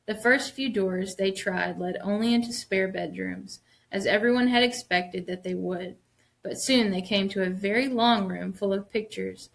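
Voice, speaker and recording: Teacher reading a novel aloud. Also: female voice, mid-range voice, gravelly. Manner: stops to explain reading points, stressing words.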